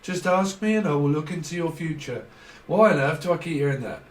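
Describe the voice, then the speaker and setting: A man's voice: fairly high pitch, lively intonation, a little fast. A man giving a casual channelled tarot reading. He rambles through loose word association, laughs often, and trails off into restarts. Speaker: tarot reader. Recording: roomy echo, mic at a distance.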